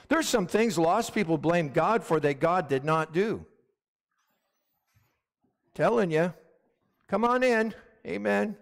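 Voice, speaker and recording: High-voiced preacher in a reverberant church. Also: male voice, vocal fry. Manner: emphatic, calls for "Amen?" from the congregation. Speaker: pastor. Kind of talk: sermon. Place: hot church sanctuary with fans running. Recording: long hall reverb.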